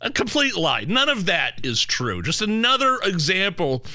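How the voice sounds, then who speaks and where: Man, exasperated co-host, lively high voice, dry sound. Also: normal speed, no room sound. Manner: scoffing, exasperated. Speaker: podcast co-host. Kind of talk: casual political chat.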